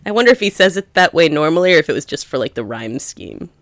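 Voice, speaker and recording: A woman co-hosting a podcast in casual chat, talking fast and loose with many fillers and frequent laughs. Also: low-pitched, very animated, a little hiss or hum. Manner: chatty, lots of "like" fillers, laughs often. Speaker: podcast co-host.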